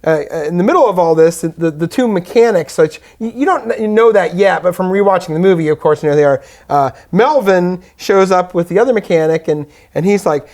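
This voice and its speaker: Casual co-host, male, recaps movie scenes with quick impressions thrown in. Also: sits high, darkish tone. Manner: retells scenes, putting on quick character voices. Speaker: podcast co-host. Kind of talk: casual movie commentary chat.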